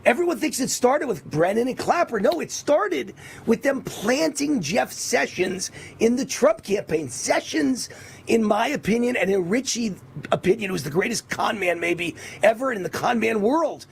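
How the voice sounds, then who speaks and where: Raspy, excitable talk show host man. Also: extremely high pitch, moderate pace, slight background noise. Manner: emphatic, repetitive, excitable. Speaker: radio and TV host. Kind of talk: political talk show monologue.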